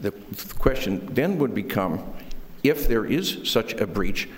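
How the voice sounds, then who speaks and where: A male defense attorney arguing before a court in a measured, formal way, with frequent ums and restarts. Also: on the low side, animated. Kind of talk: courtroom oral argument. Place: large courtroom. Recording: reverberant courtroom recording with faint noise.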